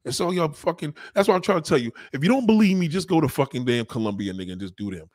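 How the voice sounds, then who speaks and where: Husky man ranting with lively pitch. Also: quick pace, no room sound. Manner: blunt, crude, repeats himself for emphasis. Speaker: monologue speaker. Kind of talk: casual profane rant.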